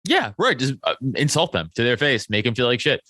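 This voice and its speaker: A young man from Staten Island, a comedian guest, telling stories in a casual interview, animated and profane with many filler likes. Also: mid-range voice, brisk, dry recording. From Staten Island, New York.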